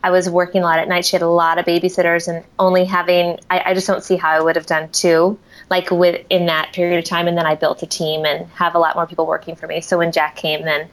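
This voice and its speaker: Thirties woman with a slightly low voice, a chatty mom who laughs often and trails off mid-thought. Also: level tone, fast talker, few pauses, poor audio. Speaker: photographer running her own business. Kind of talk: casual conversation.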